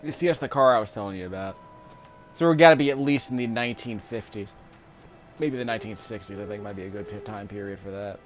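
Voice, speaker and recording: This YouTube gameplay commentator speaks fast in a voice on the low side, with faint music behind him. He rambles casually through his let's-play, chuckling often between remarks.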